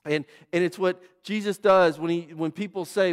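A man's voice: sits high, fairly even intonation, moderate pace, hardly any pauses. A man preaching a sermon as a pastor, emphatic and repetitive, piling up phrases and asking the congregation rhetorical questions. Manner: conversational asides and rhetorical questions. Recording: long reverb of a large hall.

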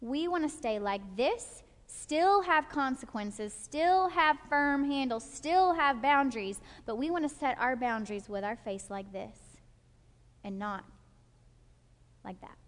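A woman teaching a group in a live session. She talks in an animated way, acts out short quoted voices and keeps checking that her listeners follow. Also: high-pitched, measured pace. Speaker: workshop teacher. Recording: long hall reverb.

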